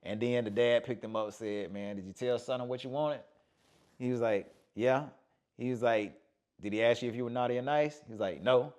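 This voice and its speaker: Speaking fairly quickly in a mid-range voice, a podcast host energetically retells film scenes on a casual show. He acts out the movie lines and keeps saying "man."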